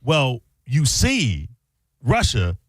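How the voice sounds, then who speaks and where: A man co-hosting a radio talk show, arguing his point in an animated, sarcastic way. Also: mid-range voice, drawn-out words, breathy edge, no echo. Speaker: radio co-host.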